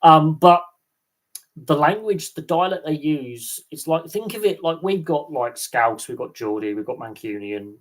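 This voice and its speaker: A man from England hosting a live stream, chatting casually in a rambling, animated way. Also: fairly high pitch, measured pace. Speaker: host.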